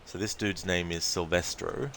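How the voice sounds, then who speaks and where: Australian man, streamer, low voice, relaxed chatty commentary, many fillers, faint background noise. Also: normal speed. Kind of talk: casual gaming commentary.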